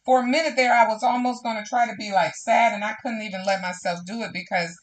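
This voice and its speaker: A woman's voice: on the high side, fairly even intonation, fast. A woman hosting a live crafting stream, chatting casually and slipping into preachy, faith-filled testimony to viewers. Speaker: crafting livestream host.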